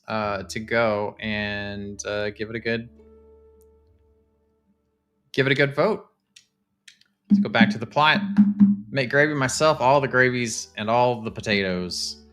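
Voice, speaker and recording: Chatty man, bright tense voice. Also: mid-range voice, measured pace, long pauses, smooth, soft background music. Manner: chatty, excitable, talks to chat. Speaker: streamer touring game houses. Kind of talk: casual live-stream commentary.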